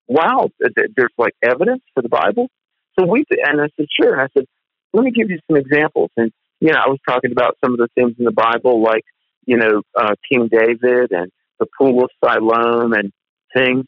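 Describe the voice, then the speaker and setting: Male guest, lively storyteller, dry phone-line sound, middle pitch. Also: no echo. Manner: animated storyteller, quotes others in his voice. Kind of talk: conversational testimony.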